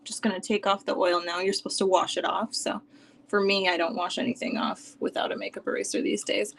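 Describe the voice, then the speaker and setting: A young woman chatting on a casual live stream from home, rambling with lots of "like" and sometimes dropping to a soft near-whisper. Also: mid-range voice, level tone, a little fast, vocal fry, slight background noise. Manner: chatty and rambling, heavy use of "like". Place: home, at her desk with her dog nearby.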